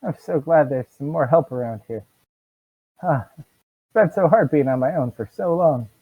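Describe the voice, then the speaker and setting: A man's voice: a little high, lively intonation, moderate pace, slightly rough, no echo, narrow, tinny audio, voice pushed up. A man voicing an anxious, friendly male jail guard paladin who rambles and frets. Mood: fretful. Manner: fretful, rambling, full of ums.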